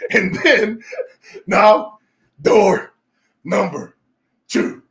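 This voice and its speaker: A Brazilian man with a fairly high voice tells a motivational story as host of his own show. He speaks with a Brazilian Portuguese accent, emphatic and lively, breaking into laughter often. His tone stays energetic throughout. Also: very slow.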